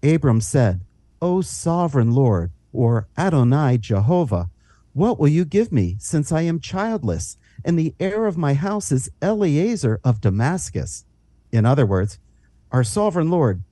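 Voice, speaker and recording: Man reading scripture with a lively lilt. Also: a little high, unhurried, dry recording. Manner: reads scripture aloud with lively rises and falls. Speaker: Bible teacher.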